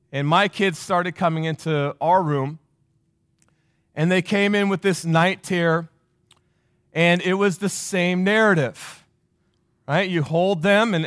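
Forty-something male preacher, higher voice, repeats lines and quizzes the congregation. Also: a little slow, long pauses, fairly bright tone, no room sound, clean studio sound. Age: 40s. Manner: emphatic, repeats phrases, asks the crowd questions. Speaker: pastor. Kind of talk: sermon.

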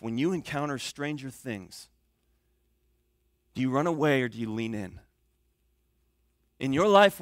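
A man preaching a sermon as a pastor, talking in an animated, conversational way with joking asides to his listeners. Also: a little high, dry recording, clean studio sound.

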